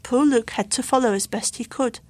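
A woman reading a children's storybook aloud with clear, expressive narration. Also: fairly high pitch, brisk, no room sound.

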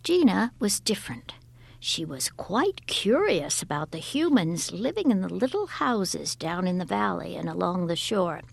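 A woman reading a folk tale aloud as a storyteller, expressive and often dropping to a breathy whisper. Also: on the low side, a little slow.

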